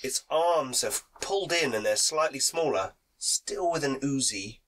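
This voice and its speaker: A man's voice: medium pitch, lively intonation, unhurried, fairly bright tone, slight background noise, poor audio. A man with a cold, running a tabletop game as game master and narrating the scene with a laugh in his voice. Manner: laughing, playful scene-setting. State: has a cold.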